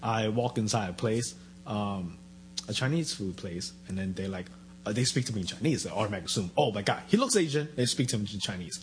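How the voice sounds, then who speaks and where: A man's voice: on the low side, quick pace. A man chatting casually, acting out voices as he tells stories. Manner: animated storyteller acting out quotes. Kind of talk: casual chat.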